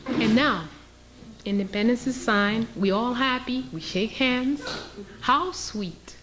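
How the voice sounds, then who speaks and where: A woman's voice: on the high side, takes it slowly, fairly bright tone, a little hiss or hum. A woman, a historian giving an emphatic, sarcastic lecture and putting questions to her audience. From Haiti. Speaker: historian and teacher.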